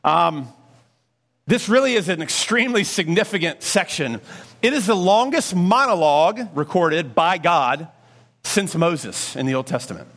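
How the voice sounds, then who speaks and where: This male pastor preaches a sermon in an animated, conversational style, full of rhetorical questions and asides to the congregation. His voice sits high and he keeps a measured pace.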